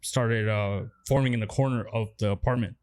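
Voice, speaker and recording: A man's voice: on the low side, fairly even intonation, moderate pace, darkish tone. A man on a podcast, telling a story in a laid-back, plain way. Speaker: podcast co-host. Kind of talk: casual storytelling chat.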